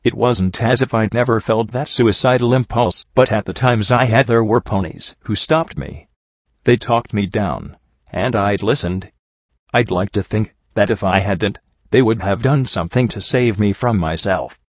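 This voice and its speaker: A man narrating a first-person audiobook in a steady, introspective storytelling manner. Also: fairly low pitch, normal speed, no echo. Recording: dull lo-fi dry recording.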